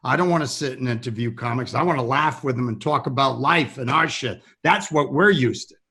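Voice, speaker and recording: A man's voice: mid-range voice, fairly quick, gravelly, bright, forceful tone. A male comedian hosting a casual podcast chat, laughing often and telling stories emphatically.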